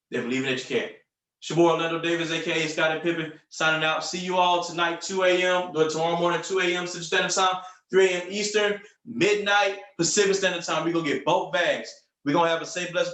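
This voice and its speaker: A man's voice: a little high, a bit bright, far from the mic. A man coaching a group call in an upbeat, punchy way, repeating phrases for emphasis. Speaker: sales coach. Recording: roomy, from off the mic.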